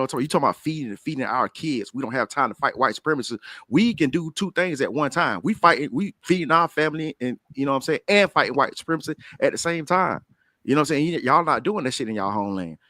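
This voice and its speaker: A man's voice: mid-range voice, sharp tone, no room sound, clean studio sound. A man arguing in a heated online debate panel, blunt and profane, with many stammering restarts.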